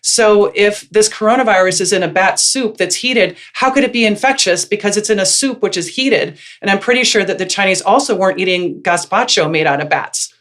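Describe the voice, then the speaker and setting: A woman's voice: mid-range voice, fairly quick, hardly any pauses, a bit bright. A woman hosting an interview, chatty and wry, reasoning aloud with skeptical asides. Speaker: host. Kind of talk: casual interview.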